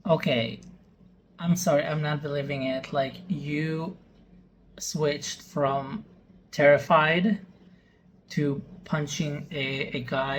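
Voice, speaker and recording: A reaction host thinks aloud and sounds skeptical and incredulous. The commentary runs over a clearly noisy background. The pitch sits in a middle range. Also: a bit bright.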